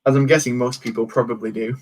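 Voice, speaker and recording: A young man talks casually while streaming a build, with a middle-pitched voice. He rambles, reads chat aloud and fills gaps with ums and half-started words. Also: steady tone, quick pace, a little mellow. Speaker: live streamer building Lego.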